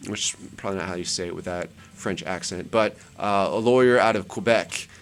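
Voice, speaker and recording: A man's voice: deep voice, brisk. A man hosting his channel, chatting casually while scrolling through web pages, rambling and repeating words for emphasis. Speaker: channel host. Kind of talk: casual screen-share commentary.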